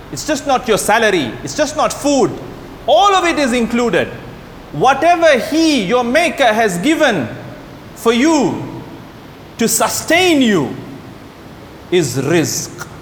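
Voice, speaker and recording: Male preacher, high lively voice, storytelling sermon, echoey hall, faint rumble behind. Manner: animated storytelling, voices the characters in anecdotes.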